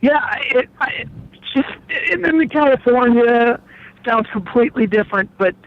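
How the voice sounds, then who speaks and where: A man's voice: very high-pitched, expressive, moderate pace, lo-fi sound. A man calling in to a radio show by phone from a car, talking in an opinionated, rambling way with many restarts. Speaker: blood bank representative phoning in. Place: in a car on the road.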